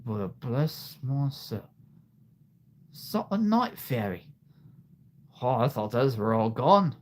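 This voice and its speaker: A man's voice: mid-range voice, sing-song, takes it slowly, slight background noise. A man voicing a swaggering young male dragon trapper with a brash, theatrical delivery. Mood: boastful.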